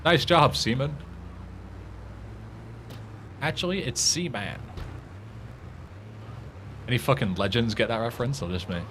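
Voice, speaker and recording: A man's voice: mid-range voice, big pitch swings, unhurried, long pauses, noisy background. A young British man with a British accent, chatting casually while streaming a game, swearing often and laughing at himself. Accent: British English. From Britain. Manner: swearing, laughing at his own attempts at tongue twisters. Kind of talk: casual gaming stream chat.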